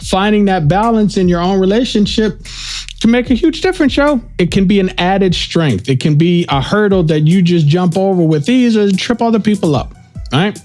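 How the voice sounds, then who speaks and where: A man with a slightly higher-than-usual voice hosts a podcast alone. He rambles and reflects in an easygoing, informal way, checking in with the listener as he goes. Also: expressive, normal speed, a little mellow, faint music behind. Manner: informal, says "yo" and "right?". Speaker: podcast host. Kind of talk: casual monologue.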